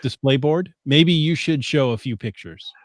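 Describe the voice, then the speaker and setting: A man's voice: mid-range voice, normal speed, no echo, studio quality. A man from the United States hosting a podcast in casual chat, curious and joking as he asks questions. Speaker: podcast host.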